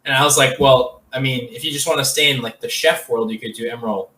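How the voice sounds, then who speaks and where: Male podcast co-host, bright tone, rambling and hesitant delivery, echoey room, slightly off-mic, faint noise floor. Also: medium pitch, fast talker, distant mic. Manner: rambling, hesitant, heavy with fillers. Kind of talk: casual chat.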